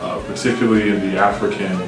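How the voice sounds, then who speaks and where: A man, a portrait photographer from the United States, speaking deliberately with occasional filler sounds in an interview. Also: fairly low pitch, little pitch movement. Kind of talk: interview talk. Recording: roomy, distant mic, music underneath.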